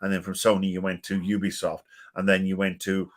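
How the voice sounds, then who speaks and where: Middle-aged British co-host, low-pitched, ranty, rambling, swears. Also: male voice, completely flat delivery, brisk. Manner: rambling, opinionated, swears, many restarts. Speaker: podcast co-host. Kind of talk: casual podcast chat.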